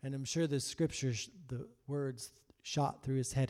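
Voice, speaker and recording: A man delivers a sermon in an ordinary mid-pitched voice. He slips into the voices of the people in the story, and his volume climbs from soft asides to loud emphasis. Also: fairly even intonation, a little slow. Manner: acts out voices of biblical figures, swings from hushed to loud. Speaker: pastor.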